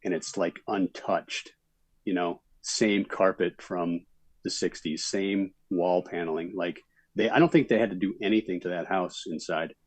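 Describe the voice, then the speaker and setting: A middle-aged man from Minnesota talks through his stories in a relaxed, rambling way, with lots of fillers. His voice sits very low and stays level. The sound is close and dry. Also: measured pace, no echo, low-quality recording. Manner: relaxed storytelling, many fillers. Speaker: actor guest. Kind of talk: casual interview chat.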